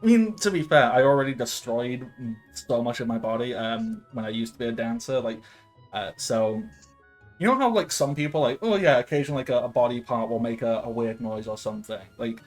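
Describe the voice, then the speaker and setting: A man's voice: mid-range voice, animated, a little fast, faint music behind. A man in his late twenties running a tabletop game as game master, rambling with lots of filler sounds and frequent laughs. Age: late 20s. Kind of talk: casual tabletop game narration.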